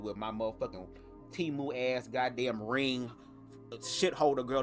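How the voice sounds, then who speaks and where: With soft music behind him, a young man shares a personal story to camera at a measured pace. He's a storytime vlogger whose delivery is profane, sassy, and emphatic, marked by big rises and falls in pitch.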